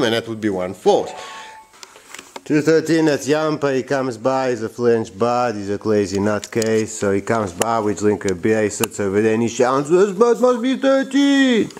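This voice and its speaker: A man's voice: mid-range voice, a little mellow, a little hiss or hum. A man who builds boats, explaining his boat in a casual vlog and rambling with restarts and repeated phrases, recorded in his workshop. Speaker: boatbuilder.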